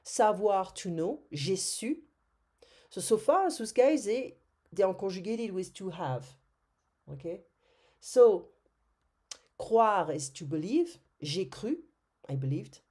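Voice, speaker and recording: A French woman with a French accent teaching a grammar lesson, slow and patient, with many "euh" fillers and repeated words. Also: medium pitch, lively intonation, warm tone, slightly rough.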